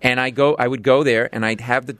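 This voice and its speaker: A man's voice: medium pitch, quick pace, no room sound. A middle-aged man telling a casual story, acting out voices as he goes. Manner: animated, acts out voices in his story.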